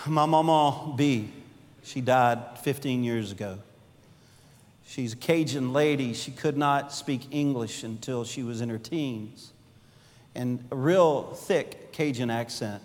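A middle-aged male pastor preaching a sermon, swinging between loud emphasis and hushed, intimate asides. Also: medium pitch, slow pace. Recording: long hall reverb.

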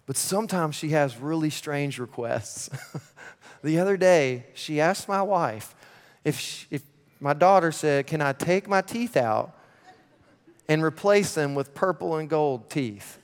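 A male pastor in his thirties delivers a lively sermon, his fairly high voice ringing with long reverb through a large hall. He moves between loud, playful stretches and quiet, earnest passages. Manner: energetic, swings from loud and playful to hushed and earnest.

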